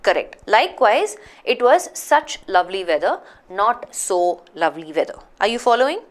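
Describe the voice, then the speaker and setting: A woman's voice: medium pitch, sing-song, moderate pace. A woman teaching a live grammar class, explaining patiently and checking that students follow.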